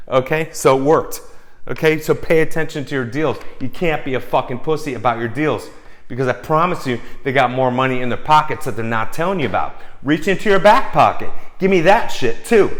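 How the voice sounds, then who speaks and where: A man's voice: fairly high pitch, a bit bright. A middle-aged man giving writers blunt career advice in a casual monologue, swearing freely and restarting his sentences as he works himself up. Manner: blunt, profane, fired-up, lots of restarts and repeated words.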